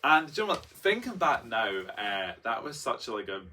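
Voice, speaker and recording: A man's voice: mid-range voice, very animated, normal speed, pushed and bright, slight background noise. A young man telling a personal story in a chatty, dramatic vlog style, full of fillers and acted-out quotes. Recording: voice a bit far from the mic.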